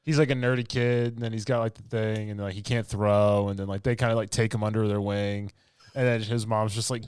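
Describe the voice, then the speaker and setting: A man co-hosting a podcast, chatting casually about movies with a relaxed delivery, quoting lines and laughing often. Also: lowish voice, a little fast, smooth, no echo, clean studio sound. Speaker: podcast co-host.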